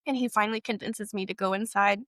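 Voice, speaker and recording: A young woman sharing a painful personal story, halting and emotional, with frequent fillers. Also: mid-range voice, steady tone, fairly bright tone, dry recording, studio quality. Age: young adult.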